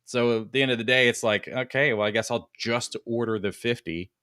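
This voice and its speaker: A man hosting a casual podcast, talking in a relaxed, rambling way about products he sells. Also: mid-range voice, brisk, clean tone, no echo, studio quality. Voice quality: relaxed, rambling, many fillers. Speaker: host and toy product seller.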